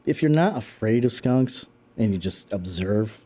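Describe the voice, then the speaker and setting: A man's voice: lowish voice, animated, a little slow, warm tone. A man co-hosting a community radio talk show, telling stories in a casual, rambling way with many restarts and fillers. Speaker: radio co-host. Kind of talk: casual chat.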